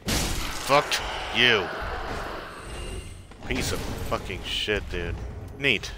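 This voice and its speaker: Man, profane gameplay commentary, sarcastic, slow talker, game noise behind. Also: lowish voice. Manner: profane, sarcastic, trash-talking enemies. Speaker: gamer playing a game.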